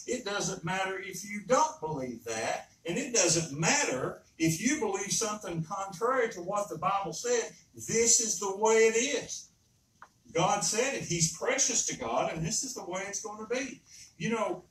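Earnest preacher in an echoing church. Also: male voice, on the high side, a bit bright, slight background noise. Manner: earnest, emphatic, repeats himself. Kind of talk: sermon. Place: church sanctuary. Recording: roomy echo, speaker far from mic.

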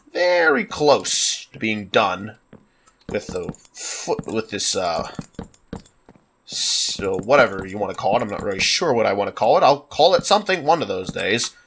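A man's voice: lowish voice, lively intonation, fairly quick, creaky, a bit bright, slight background noise. A man with a congested, sinus-stuffed voice giving rambling, self-mocking let's play commentary at a desktop microphone. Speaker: gaming YouTuber.

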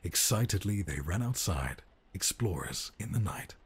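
A man narrating a rhyming storybook in a game with a husky voice, in a measured, sing-song delivery. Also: low voice, lively intonation, exaggerated voice.

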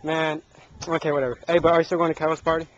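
A young man filming a home video outdoors in a backyard with a trampoline teases his friends and chats loosely on a call, saying "dude" a lot. His fairly high voice is level and very fast. The handheld camcorder mic gives muffled audio with background noise.

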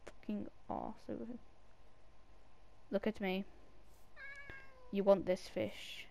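A man's voice: high-pitched, slow, creaky, long pauses, slight background noise. Chatty male gamer calling to a cat. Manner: chatty, bursts into excited shouts at an in-game cat. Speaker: gaming video creator. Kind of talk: casual gameplay commentary.

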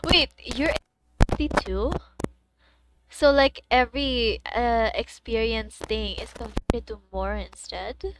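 A young woman streaming a game, chatting casually with her viewers, excitable and swearing freely. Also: on the high side, slow pace, noisy background. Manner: excitable, swears freely, gasps and shrieks in surprise.

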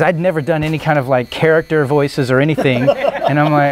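A man's voice: fairly high pitch, fast talker, a crowd in the background. A man casually telling an interview story, acting out the quotes along the way. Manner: animated, acts out quotes and goblin noises. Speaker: voice actor guest.

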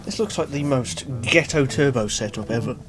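A man co-hosting a gaming video, goofy and quick to laugh and exclaim. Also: mid-range voice, a little hiss or hum. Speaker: co-host. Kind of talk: casual gameplay chat.

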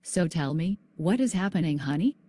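A woman's voice: lowish voice, expressive, moderate pace, warm tone. A female student voicing a loving mother who reassures her daughter in a class video. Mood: tender. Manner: tender, reassuring.

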